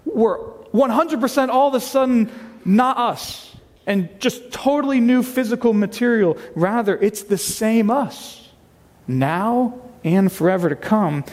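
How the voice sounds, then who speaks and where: A man's voice: high-pitched, darkish tone, in a large hall. A man preaching a sermon to his church, reading scripture aloud with earnest emphasis. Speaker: pastor. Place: church sanctuary.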